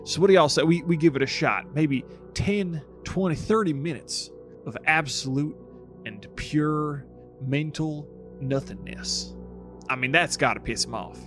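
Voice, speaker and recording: A man's voice: a little high, a little slow, fairly bright tone, faint music behind. A man playing a tabletop game, playful and drawling, laughing often. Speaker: player. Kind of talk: tabletop role-play.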